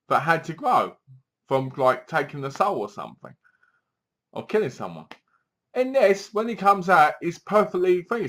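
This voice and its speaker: A man's voice: fairly high pitch, fairly bright tone. A man giving a chatty, exasperated spoken film review, retelling scenes and quoting lines as he goes. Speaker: movie reviewer.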